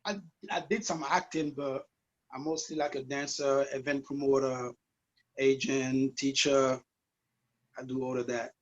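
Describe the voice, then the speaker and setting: A man in his forties with a French Caribbean accent is speaking over a video call, and his audio sounds slightly muffled. He answers softly and pauses to search for his words. His voice has an average pitch. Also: steady tone. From France and the US, Guadeloupean roots. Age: 40s. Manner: soft-spoken, searching for words. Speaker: dancer and event promoter. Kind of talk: interview guest on video call.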